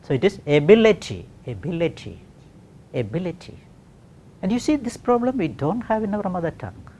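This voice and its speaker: A man teaching English pronunciation in a classroom, slow and deliberate, repeating words for practice and checking in with "okay". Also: sits high, sing-song, warm tone, breathy edge.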